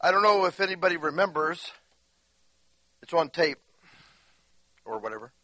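A man preaching a sermon, emphatic, going from quiet asides to crying, shouting peaks, and speaking while in constant bodily pain. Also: on the high side, lively intonation, normal speed, dry recording. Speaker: pastor.

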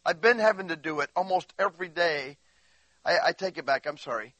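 A high-voiced man preaches with a bright, tense edge. He is emphatic and moves from quiet asides to shouting and crying peaks while speaking through bodily pain. The sound is dry and close, with little room echo. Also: lively intonation, fairly quick. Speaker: pastor. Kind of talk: sermon.

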